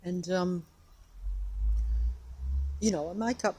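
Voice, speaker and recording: A woman's voice: fairly low pitch, takes it slowly, warm tone, slightly rough. A woman rambling to the camera of her handheld phone outdoors on a residential street, chatting as she films. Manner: chatty, meandering, talks to camera and to her cat. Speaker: vlogger.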